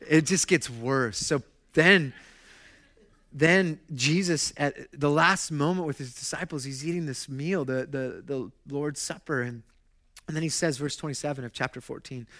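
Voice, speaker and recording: A male pastor delivering a sermon in a relaxed, conversational manner, with sudden bursts of volume and quiet, hushed passages. His voice sits slightly high and rings bright and forceful. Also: moderate pace. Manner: lively, conversational, swings from loud to hushed.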